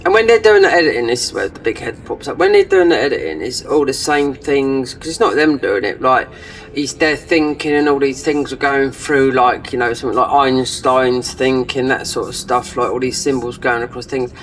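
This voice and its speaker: A man's voice: mid-range voice, moderate pace, fairly bright tone, recorded from a distance, soft background music, poor audio. A man giving rambling, casual commentary over a game he is playing, trailing off with frequent fillers. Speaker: gaming channel host.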